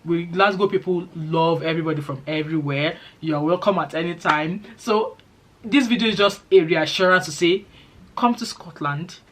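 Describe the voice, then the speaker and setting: Talking to her vlog audience at normal speed, this middle-aged Nigerian woman has a lowish voice and a Nigerian accent, with a little hiss or hum in the recording. Her manner is easygoing and reassuring, and pidgin phrases creep into her casual chat.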